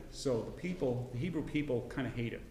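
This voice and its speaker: A middle-aged man teaching a casual Bible class, folksy and rambling, with frequent restarts and throat clearing. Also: medium pitch, a little fast, mellow, echoey room, slight background noise. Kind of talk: casual Bible lesson with personal story. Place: church classroom.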